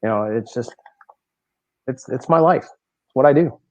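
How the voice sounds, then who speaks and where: A man's voice: mid-range voice, measured pace, no room sound. A man, a bowling podcast guest, telling stories casually and animatedly, laughing often and repeating words as he goes. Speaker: guest bowler. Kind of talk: casual storytelling in a podcast interview. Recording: slightly dull, dry lo-fi audio.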